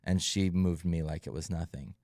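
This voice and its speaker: A young man co-hosting a faith podcast, calmly telling of his child's difficult birth in a reflective, halting way with many fillers. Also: sits low, dry recording, studio quality. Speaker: podcast co-host. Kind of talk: casual testimony chat.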